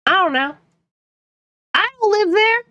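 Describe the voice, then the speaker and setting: A woman's voice: very high voice, lively intonation, unhurried, sharp tone, dry recording, highs cut off. A woman from upstate New York, chatting casually with her live-stream viewers, playful and laughing often while she teases chat.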